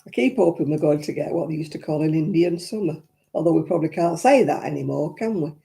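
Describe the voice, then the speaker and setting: An older woman with a Lancashire accent chats with viewers on a crafting livestream. Her voice is low and very dark, with a gravelly fry at the ends of phrases. She rambles from story to story and laughs easily. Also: quick pace. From Royton, North West England. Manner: chatty, rambling, frequent chuckles. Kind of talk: casual chat reading viewer comments.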